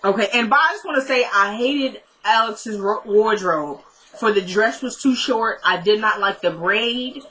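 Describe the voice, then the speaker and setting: A woman's voice: medium pitch, normal speed, bright, forceful tone, low-quality recording. A woman casually recapping a TV episode in a chatty way, retelling scenes with lots of "she goes" and "he's like". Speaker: TV episode reviewer.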